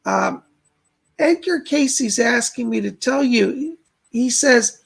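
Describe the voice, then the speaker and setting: A man's voice: very high-pitched, lively intonation, slow, creaky, husky. A man hosting a live stream, giving chatty psychic readings and relaying spirit messages with plenty of fillers. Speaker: psychic reader and host.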